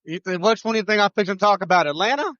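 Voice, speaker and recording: Bright trucker spinning a yarn. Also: male voice, high-pitched, no echo, muffled recording. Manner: animated storyteller, quick restarts. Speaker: trucker co-host. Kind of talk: telling a road story on a live show.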